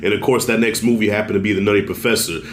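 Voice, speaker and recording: Male film reviewer, relaxed chatty delivery, a little under the weather, roomy echo on the voice. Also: lowish voice, racing, slight background noise. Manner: loose and conversational, swears, addresses viewers as y'all. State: fighting a cold, clears throat. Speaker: movie reviewer. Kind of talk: casual spoken film review.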